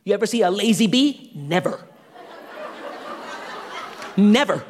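A middle-aged woman giving a sermon testimony in a church, animated, humorous and self-deprecating. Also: mid-range voice, unhurried, big-room sound, a faint crowd, a little hiss or hum. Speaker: church speaker.

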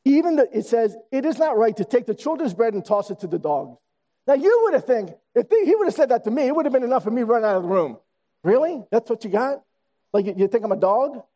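A man preaching a sermon as pastor, building emphasis with dramatic pauses. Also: extremely high pitch, sing-song, dark tone. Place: church sanctuary. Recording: long reverb in a hall.

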